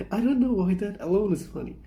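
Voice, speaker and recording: A woman's voice: mid-range voice, lively intonation, fairly quick, warm tone. A woman reacting to a comedy clip in casual commentary, chatty and amused. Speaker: reaction video host.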